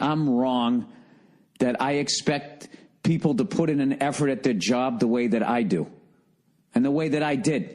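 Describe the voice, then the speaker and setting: A man's voice: on the high side, darkish tone, breathy edge. A middle-aged man from the United States, hosting a podcast alone and ranting in an exasperated, profane comic monologue. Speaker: podcast host. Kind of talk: comedic rant monologue. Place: at home, alone.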